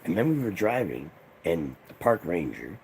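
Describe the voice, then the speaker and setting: A man from Israel hosting a livestream, telling family stories in a casual, profane, animated way. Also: sits low, moderate pace, a little hiss or hum. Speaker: livestream host. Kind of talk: casual storytelling.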